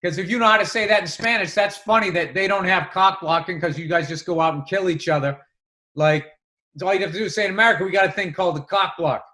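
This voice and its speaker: A man's voice: sits high, fast talker, pushed and bright. A man hosting a podcast in casual chat, blunt and joking with crude humor. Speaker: podcast host.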